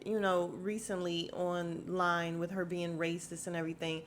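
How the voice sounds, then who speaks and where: A woman's voice: fairly low pitch, level tone, normal speed. A woman hosting a podcast, recapping a reality TV show in a chatty, sarcastic way with asides. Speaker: podcast host.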